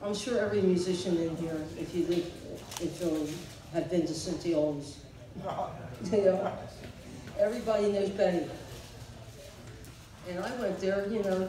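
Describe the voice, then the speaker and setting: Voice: mid-range voice, mellow. Person telling stories in an echoey hall. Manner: chatty, storytelling, chuckling between lines. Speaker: speaker at a memorial concert. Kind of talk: spoken tribute with anecdotes. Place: large hall with audience. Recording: echoey hall from far off, background noise.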